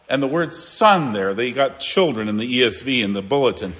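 A man preaching a sermon as a pastor, earnest and emphatic, swinging between raised declarations and quiet, low asides. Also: expressive, brisk, hardly any pauses. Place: church sanctuary. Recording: long reverb of a church hall.

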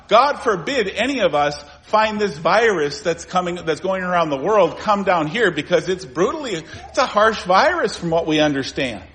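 Emphatic preacher, fairly high male voice. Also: expressive, normal speed, few pauses. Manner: emphatic preaching with rhetorical questions; swings between raised, urgent lines and low, quiet ones. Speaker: pastor. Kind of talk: sermon.

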